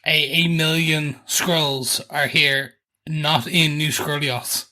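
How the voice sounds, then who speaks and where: A man co-hosting a TV podcast, talking casually and thinking aloud in quick, jokey bursts. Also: on the high side, steady tone, sharp tone. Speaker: podcast co-host. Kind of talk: casual chat.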